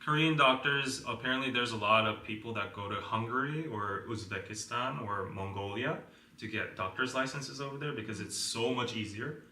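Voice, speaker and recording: A man's voice: mid-range voice, normal speed, sharp tone, echoey room, far from the mic, slight background noise. A young man hosting a live podcast, chatting casually with many fillers and restarts. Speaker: podcast host. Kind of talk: casual chat.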